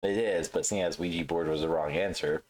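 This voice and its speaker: Man, very low voice, blunt teasing podcast co-host, casual swearing chat. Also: fairly even intonation, fairly quick, darkish tone.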